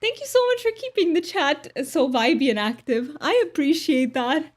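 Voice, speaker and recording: A woman's voice: sits high, animated, normal speed. A woman streamer chatting casually with her viewers while gaming, bubbly and laughing often. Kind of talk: casual live-stream chat.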